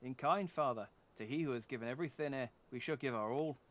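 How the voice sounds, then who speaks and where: A man's voice: mid-range voice, natural voice. A man voicing a frail, gracious older father with a put-on Canadian accent, ending his lines with "eh?". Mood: earnest. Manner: ends lines with a drawn-out "eh?".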